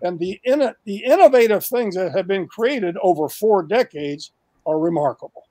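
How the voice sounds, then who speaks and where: Animated older man pitching eagerly. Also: normal speed, no echo. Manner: animated, emphatic listing, restarts. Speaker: guest. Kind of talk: enthusiastic pitch of a project.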